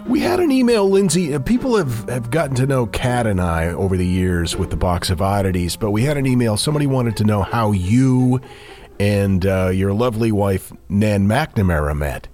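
A man's voice: lowish voice, moderate pace, faint music behind. A man co-hosting a podcast, bantering and asking his co-host questions. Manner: lively, bantering interviewer. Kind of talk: casual chat.

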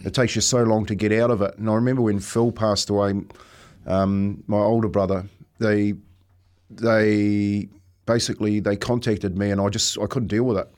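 A man in his forties with a New Zealand accent, hosting breakfast radio and telling stories in a relaxed, reflective way, often saying "mate". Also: on the low side, normal speed. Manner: reflective storyteller, says "mate" often, chuckles. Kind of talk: casual radio chat.

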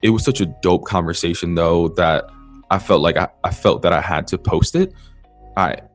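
A man hosting a podcast, reading a brisk, plain introduction to the episode. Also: low voice, faint music behind. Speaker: podcast host.

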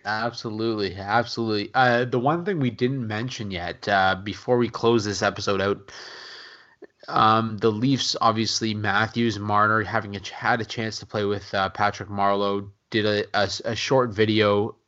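A man co-hosting a casual sports podcast, relaxed and rambling, often chuckling. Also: on the low side, moderate pace. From Canada. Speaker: podcast co-host. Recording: dull lo-fi podcast audio.

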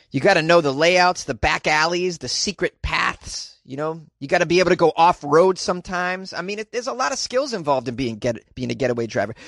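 Male podcast host, fairly high voice, jokey and rambling, dry close-mic sound. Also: a bit bright, no room sound. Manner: jokey, rambling, laughs at own jokes. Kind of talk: comedic news podcast chat.

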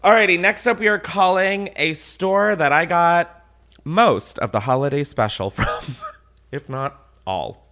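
A man's voice: on the high side, measured pace, sharp tone. A man hosting prank calls, chatty and casual, swearing and laughing between calls. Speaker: prank call host. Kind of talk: casual prank call chat.

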